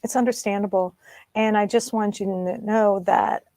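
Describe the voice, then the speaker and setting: A woman's voice: medium pitch, steady tone, moderate pace, warm tone, no echo, clean studio sound. A woman co-hosting a casual interview, relaying viewer questions. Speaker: co-host.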